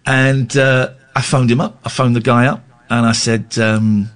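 A man's voice: mid-range voice, little pitch movement, measured pace, clear, resonant tone. A middle-aged man, hosting a radio phone-in and telling a candid, rambling, self-deprecating story, with stammered restarts. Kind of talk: candid talk-radio monologue.

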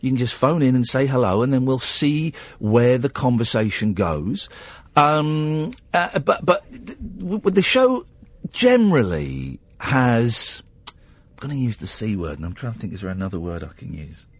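A man's voice: mid-range voice, big pitch swings, moderate pace, no echo. A man with an English accent hosting a late-night radio phone-in, rambling and teasing with lots of stammered restarts. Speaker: radio host. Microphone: studio microphone.

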